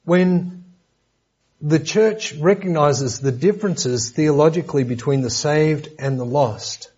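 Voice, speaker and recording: A man's voice: a little high, slow pace, a little mellow, husky, muffled recording. A man preaching a sermon lesson in a conversational way, with joking asides and repeated words.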